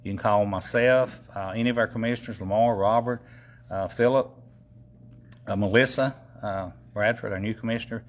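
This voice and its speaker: A man's voice: fairly low pitch, fairly even intonation, normal speed. A man, a county executive giving a casual public update, folksy and rambling with lots of fillers.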